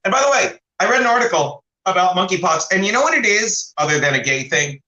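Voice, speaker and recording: Rambling animated man with echoey sound. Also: high voice, fast talker. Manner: rambling, animated storytelling with impressions. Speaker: co-host. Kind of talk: casual comedy talk.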